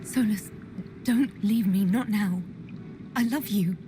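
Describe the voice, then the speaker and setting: A grieving young elven heroine, voiced by a woman pleads in an emotional, mid-pitched voice. Game music runs clearly beneath her lines. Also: takes it slowly, natural voice. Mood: pleading. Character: grieving young female elf leader. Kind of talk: video game voice acting. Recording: game audio under music.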